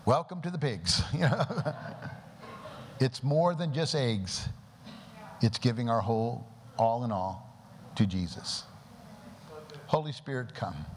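A man's voice: mid-range voice, takes it slowly, pauses often. A man preaching a sermon to a church congregation, praying aloud and pressing listeners with rhetorical questions. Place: church service before a congregation. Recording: long hall reverb with faint background noise.

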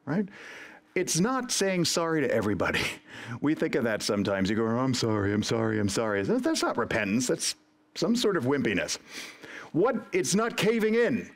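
A man preaching a sermon to his congregation in an earnest, emphatic way. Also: medium pitch. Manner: earnest, emphatic, breaks into acted prayers and quotes. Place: church service recorded for online stream.

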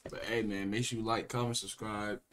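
A man's voice: on the low side, level tone, fairly quick, fairly bright tone, clear, resonant tone. A young man co-hosting a reaction show in casual hype chat, slangy and full of repeated catchphrases. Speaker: co-host of a reaction channel.

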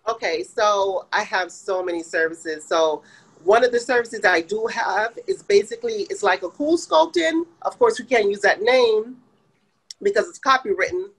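A woman from Jamaica with a light Jamaican accent, a podcast guest who explains her spa services in a relaxed way with many fillers. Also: medium pitch, normal speed, breathy edge, rough recording. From Saint Andrew, Jamaica. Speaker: guest, med spa owner. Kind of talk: casual interview answers.

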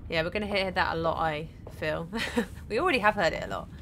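A woman's voice: fairly low pitch, fairly quick, background noise. A woman chatting casually as she plays a horror game, joking with herself. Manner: chatty, self-mocking. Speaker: gameplay streamer. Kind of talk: casual let's-play commentary.

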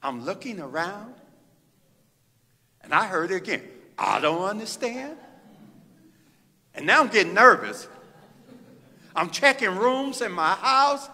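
A middle-aged man from the Midwest, a pastor delivering a fervent sermon with drawn-out phrases and pauses in a church sanctuary. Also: high voice, animated, sharp tone. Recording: reverberant church hall.

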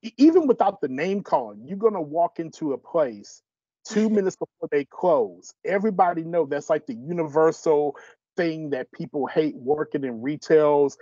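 A man's voice: a little high, expressive, normal speed, dark tone, husky, no echo. A man hosting a podcast in casual chat, reacting in a laid-back way and chiming in with his own view. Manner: laid-back, reactive, short agreeing interjections. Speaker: podcast host. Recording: dry, muffled lo-fi podcast audio.

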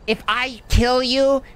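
A man's voice: very high-pitched, a bit bright, smooth. A man playing his character in a joking online role-play game, teasing and bantering with other players. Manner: joking, plays a mock Canadian with "eh".

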